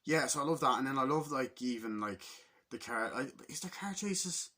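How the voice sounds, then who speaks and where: A man giving a casual movie review, excitable and very profane, acting out the scenes he describes. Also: mid-range voice, normal speed. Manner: excitable and heavily profane, acts out scenes in loud impressions.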